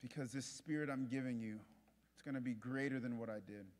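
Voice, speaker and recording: A man's voice: medium pitch, a little fast. Man preaching passionately in a big reverberant hall. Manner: impassioned, repetitive preaching that swings from hushed to loud. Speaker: pastor. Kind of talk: sermon. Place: large church auditorium.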